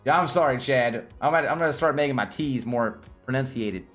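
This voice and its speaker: A man's voice: mid-range voice, fairly quick, faint music behind. A man from Tennessee with a Southern accent, chatting casually as a livestream host and laughing often. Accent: Southern American. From Tennessee, USA. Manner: laughs often, lively and excitable.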